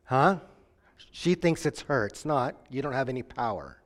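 A man's voice: medium pitch, lively intonation, moderate pace. Preaching man in a reverberant hall. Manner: questions the audience and invites answers; tells stories, acting out voices. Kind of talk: interactive sermon.

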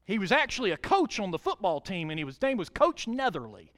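High, lively-voiced preaching pastor. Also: male voice, quick pace. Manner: animated preaching, swells loud on scripture and emphasis. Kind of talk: sermon.

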